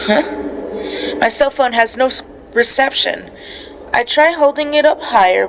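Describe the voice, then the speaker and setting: A woman's voice: on the high side, background noise. A woman reading a story game aloud in a sleepy way, stumbling over words, correcting herself and breaking off for casual asides.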